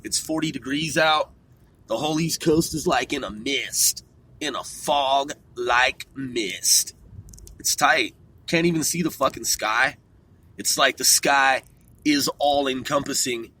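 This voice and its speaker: Loose-talking man, bright tense voice. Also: medium pitch, slightly rough. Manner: loose, profane, laughs at himself. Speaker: podcast host. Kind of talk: rambling solo talk. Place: in a car.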